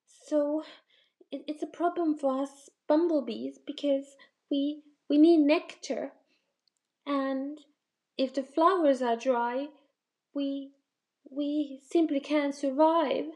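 A woman's voice: high-pitched, fairly even intonation, slow pace, mellow, voice pushed up. A woman voicing a small, worried talking bumblebee that stammers and repeats words.

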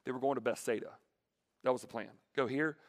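Animated joking male preacher in a hall. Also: medium pitch, fast talker. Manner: animated and joking, acts out the scripture. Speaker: preacher to students. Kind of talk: sermon.

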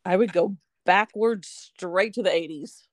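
A woman's voice: medium pitch, unhurried, a little hiss or hum. A woman in her fifties, a podcast guest, chatting casually with restarts and easy laughter. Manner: rambling, self-correcting, laughs easily. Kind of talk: casual interview chat.

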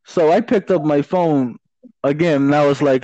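A man's voice: fairly high pitch, normal speed, warm tone, no echo. A young man in casual chat telling a story in a laid-back, rambling way, laughing often. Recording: dull lo-fi dry sound.

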